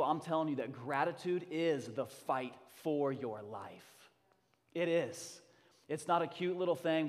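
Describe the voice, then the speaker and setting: A man in his thirties preaching a sermon as a pastor, impassioned and emphatic, dropping to a hush and then rising loud again. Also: medium pitch. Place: church sanctuary. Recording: long hall reverb.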